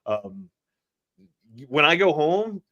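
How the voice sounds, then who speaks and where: A man's voice: a little high, very animated, slow pace, sharp tone, dry recording, highs cut off. A man with a Baltimore accent co-hosts a loose sports talk stream. He rambles and jokes, stumbles and repeats his words, and his voice sounds close and dry with little room around it.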